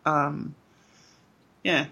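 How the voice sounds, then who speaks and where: A man's voice: on the high side, little pitch movement, drawn-out words, gravelly, bright, forceful tone, husky. An Australian man co-hosting a casual fan podcast, blunt and opinionated, with frequent ums. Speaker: podcast co-host.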